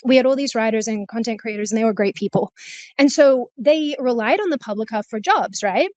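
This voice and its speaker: A woman's voice: a little high, animated, brisk, a little mellow, dull audio. A woman talking candidly and emotionally as a guest, laughing now and then, stressed and short of breath. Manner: emotional, confessional, laughs often. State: stressed, out of breath while walking. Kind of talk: candid conversation. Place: walking, then sitting, on a remote call.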